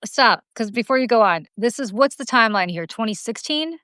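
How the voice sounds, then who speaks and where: A woman co-hosting a podcast, reacting briefly and cutting in with quick questions. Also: fairly high pitch, expressive, bright, forceful tone, no room sound, studio quality. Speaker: podcast co-host.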